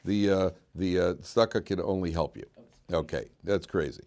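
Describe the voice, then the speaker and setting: A rabbi with a low voice and some vocal fry speaks at normal speed, his tone a little mellow. He is giving a classroom lecture to students, telling stories and repeating his key lines for emphasis.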